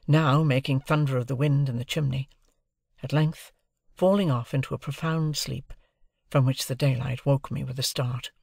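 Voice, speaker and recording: A man reading a classic novel as an audiobook, with a measured, phrase-by-phrase delivery. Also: mid-range voice, gravelly, a little mellow, breathy edge, no room sound, studio quality. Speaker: audiobook narrator.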